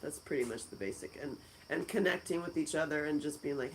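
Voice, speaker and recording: A woman's voice: low voice, fairly quick, slight background noise, rough recording. A middle-aged woman hosting a casual live stream, chatting and laughing as she answers viewer comments from a friend's house. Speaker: livestream host.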